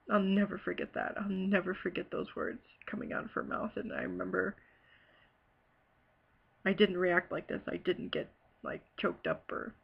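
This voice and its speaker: A woman from Ohio telling a personal story in a halting, hesitant way, full of fillers and pauses. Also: lowish voice, creaky, slightly rough, muffled recording. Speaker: bereaved sister telling her story. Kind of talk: personal testimony.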